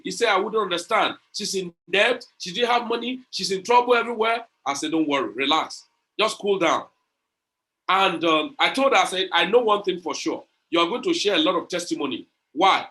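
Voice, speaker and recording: A man's voice: high-pitched, sharp tone. A man leading an online crypto community session, talking in a preachy, motivational way, repeating phrases and retelling conversations.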